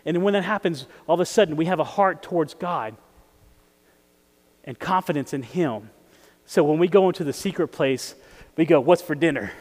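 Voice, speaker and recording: A man's voice: a little high, moderate pace, pauses often, darkish tone, big-room sound. A man preaching a sermon in a conversational way, often checking in with his listeners. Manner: conversational, asks the audience often. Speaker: pastor.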